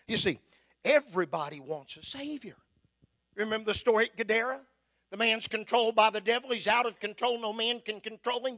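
Male preacher, very high and bright voice, dry close sound, impassioned sermon with hushed drops. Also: dry recording. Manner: impassioned, rising and falling delivery with long pauses; drops to hushed, slow emphasis on key phrases.

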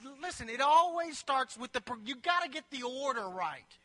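A man's voice: extremely high pitch, expressive, normal speed, few pauses, bright, forceful tone. A man preaching a sermon as pastor, with repeated build-up phrases and playful asides. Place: church sanctuary. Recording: long reverb of a large hall.

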